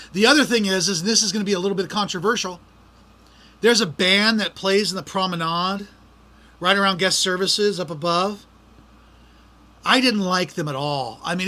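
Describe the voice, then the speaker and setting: High, bright-voiced man ranting. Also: normal speed. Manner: exasperated, ranting complaints. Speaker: podcast host. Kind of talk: casual podcast monologue.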